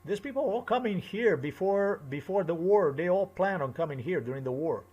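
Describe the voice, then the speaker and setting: A man's voice: high-pitched, animated, moderate pace, darkish tone, husky, highs cut off. A man delivering an angry personal monologue, swearing often and repeating himself as he rants. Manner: agitated, profane, repetitive ranting. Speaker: vlogger.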